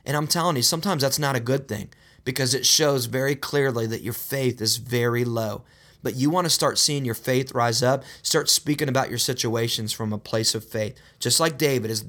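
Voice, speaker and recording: A man's voice: on the high side, animated, moderate pace, sharp tone. A man preaching a sermon in an earnest, direct way, often calling his listeners "guys" and repeating words for emphasis. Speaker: pastor.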